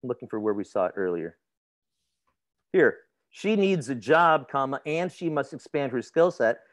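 A man's voice: medium pitch, expressive, normal speed. A man teaching a grammar lesson in a conversational way, asking his students questions and laughing easily. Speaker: instructor. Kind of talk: classroom grammar lecture.

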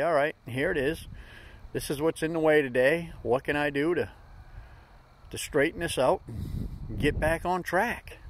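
Man, middle-aged, slightly raised pitch, folksy, upbeat, casual motivational talk. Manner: folksy and upbeat, plain slang. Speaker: vlog host.

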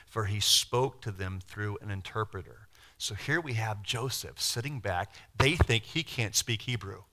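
Male pastor, bright tone, animated sermon delivery with acted-out character voices. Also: medium pitch. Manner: lively, acts out voices of Bible figures, laughs, asks the congregation questions. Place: church.

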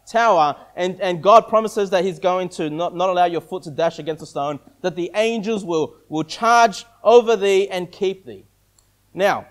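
A male pastor preaching a sermon in a conversational way, often checking in with his listeners. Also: high voice. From Australia. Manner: conversational preaching, frequent "okay?" and "all right?" check-ins.

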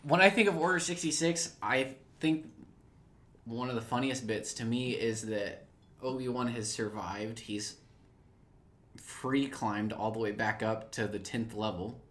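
A man's voice: medium pitch, unhurried, fairly bright tone. A man co-hosting a casual fan podcast, cracking dry, laid-back jokes. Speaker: podcast co-host. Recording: roomy echo.

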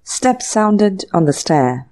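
A woman narrating an audiobook mystery in a slow, measured reading. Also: medium pitch, big pitch swings, dark tone.

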